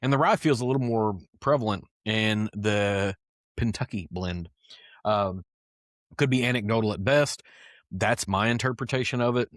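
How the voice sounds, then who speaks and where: Man, podcast host, low voice, dry sound, casual and rambling, lots of ums. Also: no echo. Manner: loose, rambling, full of fillers and asides. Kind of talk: casual whiskey podcast chat.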